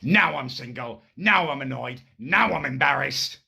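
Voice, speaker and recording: Man, ranting comic monologue, husky tense voice, swings up and down a lot. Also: medium pitch, expressive, measured pace, pushed and bright. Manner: indignant, exasperated, crude. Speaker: comedic ranter.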